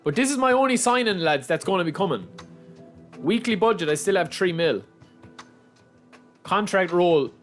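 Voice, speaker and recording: A young man with an Irish accent and a fairly high voice chats excitably through a gaming livestream, talking straight to his viewers. Soft music plays faintly behind him. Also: normal speed, long pauses. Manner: excitable, chatty, keeps calling his viewers lads. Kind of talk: casual live commentary over gameplay.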